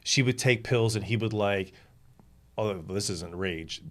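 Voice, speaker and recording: A middle-aged man, a TV director guesting on a podcast, telling personal stories in a candid, lively way. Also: on the low side, a little slow. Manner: lively anecdotal, acts out quoted voices. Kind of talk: candid conversational storytelling.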